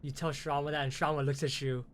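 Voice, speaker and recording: A man running a tabletop game as game master, narrating in a halting way with many restarts. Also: on the high side, flat delivery, slight background noise.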